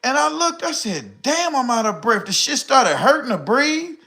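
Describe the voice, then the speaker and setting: A man's voice: very high voice, sing-song, moderate pace, pushed and bright. A middle-aged man hosting a live stream, chatting casually and reading comments in rambling slang, often short of breath.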